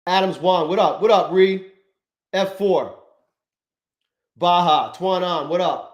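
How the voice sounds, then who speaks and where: A man's voice: sits high, takes it slowly. A man live-streaming his trading, swearing often and berating himself, breaking off to greet viewers from the chat by name. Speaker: livestreaming day trader.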